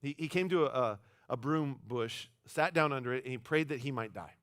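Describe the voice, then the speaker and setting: A pastor giving a sermon in a church, telling the story in a casual, animated way with playful voiced asides. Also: male voice, mid-range voice, a little fast, no room sound, studio quality. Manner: casual, conversational phrasing with many restarts.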